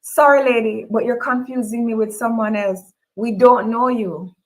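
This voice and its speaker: A woman reading a cold, dismissive middle-aged man who speaks curtly and a little louder. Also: very high voice, steady tone, moderate pace, poor audio.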